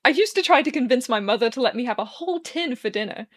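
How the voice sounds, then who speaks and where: A woman voicing an animated, playful young man who talks in a sing-song, mock-haughty way in a read-aloud fan story. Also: on the high side, quick pace. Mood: excited.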